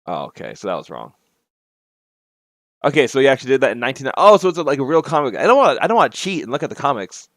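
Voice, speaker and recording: A man's voice: mid-range voice, huge pitch swings, fast, a bit bright, dry recording. Casual man reading his own game. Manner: casual, chatty asides and self-corrections. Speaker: game maker and narrator. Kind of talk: reading a self-made game aloud.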